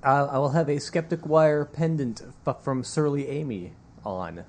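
A man's voice: on the high side, moderate pace, slight background noise. A man co-hosting a podcast, cracking jokes and laughing often. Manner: wisecracking, lots of laughing. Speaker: podcast co-host. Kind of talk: casual chat.

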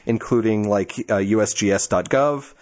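A man's voice: fairly low pitch, normal speed, darkish tone. Wry, chatty male podcast host. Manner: talkative, wry, explains at length with restarts. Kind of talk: casual chat.

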